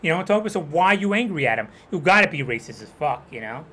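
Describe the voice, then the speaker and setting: A man's voice: fairly high pitch, very animated, very fast, bright, forceful tone, breathy edge. A young adult man streaming a game and ranting in a casual, rambling way, heated and profane, who keeps saying "you know what I'm talking about". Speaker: gaming streamer. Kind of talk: casual livestream rant.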